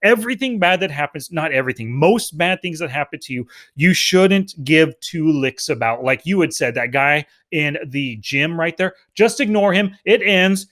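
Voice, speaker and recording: A man's voice: on the high side, lively intonation, moderate pace, hardly any pauses, fairly bright tone. A middle-aged man co-hosting a podcast in casual chat, earnestly laying out life lessons. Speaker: podcast co-host.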